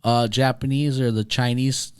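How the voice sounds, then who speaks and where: A man's voice: medium pitch, level tone, moderate pace, darkish tone, clear, resonant tone, no room sound, clean studio sound. A man co-hosting a podcast, reacting loosely and swearing freely in casual chat. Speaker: podcast co-host.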